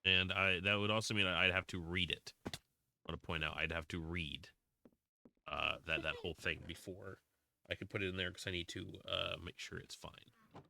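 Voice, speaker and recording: Bright-toned Southern drawl man streamer. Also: low-pitched, steady tone, moderate pace, creaky, a little hiss or hum. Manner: rambling, restarts often, reads chat aloud. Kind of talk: casual live-stream chat while playing.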